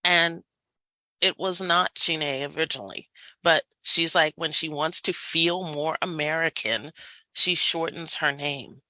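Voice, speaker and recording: A woman presenting a faculty workshop over a video call, talking in a lively way and laughing easily. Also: low-pitched, a little slow, no echo, poor audio.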